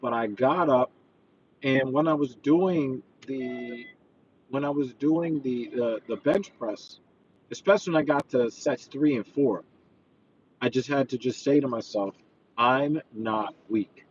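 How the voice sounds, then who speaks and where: A man's voice: medium pitch, unhurried, a little mellow, lo-fi sound, a little hiss or hum. A man who works as a personal trainer, chatting casually while he drives, earnest and rambling with lots of fillers. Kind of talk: casual driving vlog, talking while he drives. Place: inside a car.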